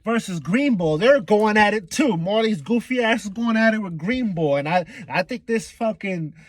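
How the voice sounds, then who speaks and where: A young man with a fairly high voice talks through a comic chapter in loose, excitable slang, cursing freely and jumping into the characters' lines as he recaps. The sound is dry and close to the mic, with no room around it. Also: moderate pace, no room sound. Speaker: manga reaction youtuber.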